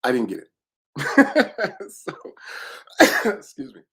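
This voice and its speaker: A man's voice: fairly high pitch, huge pitch swings, slow pace, a bit bright, husky. A man giving a motivational talk, telling a personal story in an emphatic way and repeating his key points. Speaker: motivational speaker.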